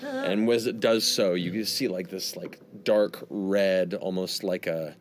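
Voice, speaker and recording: A man narrating a tabletop game as game master, describing the scene in lively detail. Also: sits low, measured pace, soft background music.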